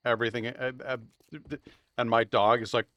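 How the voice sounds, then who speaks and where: A man streaming a video game live, chatting casually and rambling as he plays, swearing freely and laughing loudly at chat. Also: medium pitch, little pitch movement, fairly quick, dry recording. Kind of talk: live gameplay commentary.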